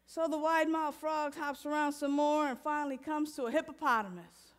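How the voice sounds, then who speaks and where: A woman minister preaching in a high, light voice. She talks straight to her congregation in a lively, playful way and eases into a softer, slower guided meditation. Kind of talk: sermon.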